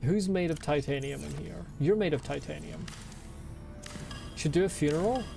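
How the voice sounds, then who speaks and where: A woman's voice: sits low, moderate pace, vocal fry, over music. A woman streaming a video game, chatting casually with giggly, rambling jokes to her chat. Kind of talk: casual gaming commentary.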